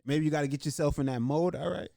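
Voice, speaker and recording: Animated guy, says "bro" a lot. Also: fairly high pitch, fast talker, gravelly, no room sound, studio quality. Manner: animated, acts out fighters' lines. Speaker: podcast co-host. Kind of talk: casual sports chat.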